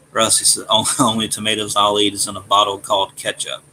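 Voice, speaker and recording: A man from Alabama with a Southern accent and a gruff voice, casually chatting with his live-stream viewers and often stumbling over his words. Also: on the low side, bright, forceful tone, a little hiss or hum, low-quality recording. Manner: halting, repeats words and restarts. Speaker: streamer reading chat.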